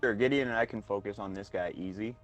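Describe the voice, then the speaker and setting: A man's voice: fairly low pitch, fast, muffled recording, faint music behind. An easygoing man playing a tabletop game, agreeing with his teammates. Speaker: player. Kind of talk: casual game talk.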